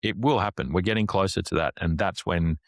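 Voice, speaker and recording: A man's voice: low-pitched, brisk, no echo, clean studio sound. A man who is a guest on a business chat, laying out his points analytically in long lists that build up.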